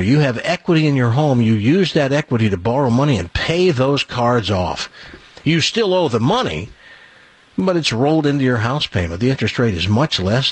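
A middle-aged man hosts a radio show, telling a joke in a loose, rambling way and then moving into a live ad read. His voice is a little husky and his pitch moves a lot as he talks. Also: no echo. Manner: chatty, rambling, chuckling at his own jokes.

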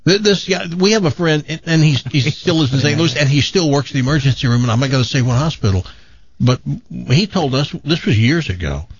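Brief: husky man, chatty co-host, dry dull lo-fi sound. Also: fairly high pitch, animated, a little fast, no room sound. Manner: chatty, jumps in with reactions. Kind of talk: casual chat.

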